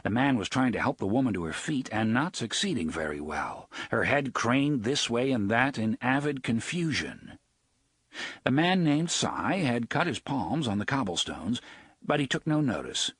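Man, audiobook narration, expressive, husky voice, dry booth sound. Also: medium pitch, moderate pace, no room sound. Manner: expressive storytelling reading. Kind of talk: scripted narration.

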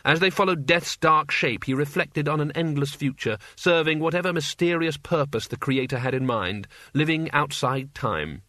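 A man reading an audiobook as its narrator, in an even, measured storytelling manner. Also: on the high side, no echo.

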